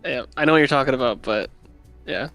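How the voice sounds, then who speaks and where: Man, bright tense tone, fairly high voice, easygoing chat, soft music behind. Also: brisk, creaky. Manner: laid-back, laughing, repeats himself. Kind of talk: casual chat.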